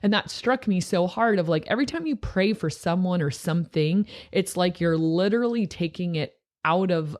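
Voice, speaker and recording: A woman's voice: fairly low pitch, animated, normal speed, hardly any pauses, darkish tone. A young woman who is a youth pastor, talking casually and earnestly on a podcast, with many filler words.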